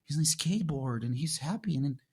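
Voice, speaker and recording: A man's voice: fairly high pitch, animated, quick pace, a little mellow, breathy edge. A man whose first language is Portuguese, a jiu-jitsu champion telling stories in a casual interview and acting out his own past lines.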